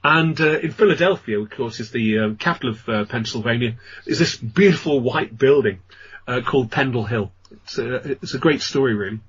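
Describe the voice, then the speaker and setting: A man's voice: mid-range voice, a little fast, breathy edge. A man with an English accent, a ghost tour guide, telling long rambling stories as a radio guest, with many fillers. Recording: dull lo-fi radio audio.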